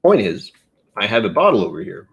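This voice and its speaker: Low-voiced man rambling on a livestream. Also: very animated, brisk, highs cut off, a little hiss or hum. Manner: rambling, self-mocking, jokey. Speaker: live streamer. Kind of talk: casual livestream chat.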